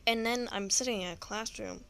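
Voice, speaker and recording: Profane Texan woman with vocal fry. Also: on the high side, moderate pace, a bit bright, slight background noise. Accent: Southern US (Texan). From Texas. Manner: rambling, profane, frank. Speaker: storyteller. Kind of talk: casual storytelling monologue.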